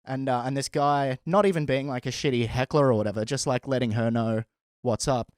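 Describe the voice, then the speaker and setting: Male comic, animated storyteller, dry close sound. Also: medium pitch, brisk, dry recording. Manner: animated, laughs often while telling. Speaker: stand-up comedian. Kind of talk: casual storytelling.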